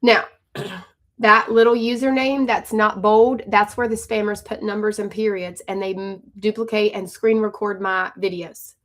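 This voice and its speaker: A woman hosting a live stream as an online coach, talking fast and chatty and greeting viewers by name. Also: mid-range voice, fairly even intonation, a bit bright. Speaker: livestream host and online coach. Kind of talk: live stream chat and sales pitch.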